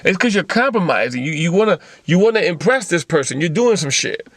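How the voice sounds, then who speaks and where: A man's voice: fairly high pitch, sing-song, brisk, gravelly, dry recording. A man hosting a motivational talk show, lecturing in blunt, profane casual speech full of rhetorical questions.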